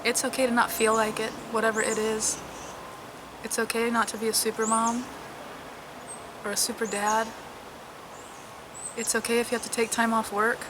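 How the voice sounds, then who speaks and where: A worn-out, middle-aged woman talks candidly in a personal vlog, her fairly high voice halting, moving between hushed and loud. A clear noise bed sits behind her, with cars passing outside. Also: level tone. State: unwell and worn out. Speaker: vlogger.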